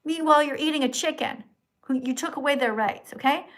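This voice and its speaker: A woman's voice: high voice, a little fast, a bit bright. A woman hosting a livestream, preaching and scolding her viewers in a mocking, heated way. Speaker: livestream host. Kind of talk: ranting livestream chat.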